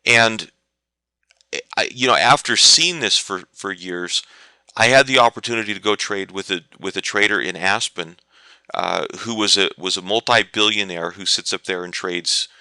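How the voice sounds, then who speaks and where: A man's voice: on the low side, moderate pace, bright, forceful tone, clear, resonant tone, no echo. A man teaching market trading in a live webinar, telling anecdotes and answering viewer questions. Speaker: trading educator.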